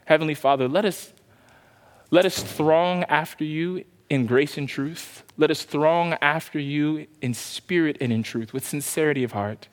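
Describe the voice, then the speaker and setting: Male pastor, fervent sermon into hushed prayer, slightly high voice, big reverberant hall. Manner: impassioned preaching, then soft slow prayer.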